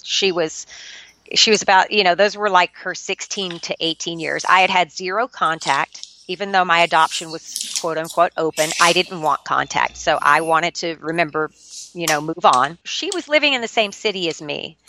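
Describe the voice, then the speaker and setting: A woman's voice: lowish voice, moderate pace, bright, forceful tone, a little hiss or hum. A middle-aged woman, a podcast guest, telling a personal story in an earnest, confessional and emotional way.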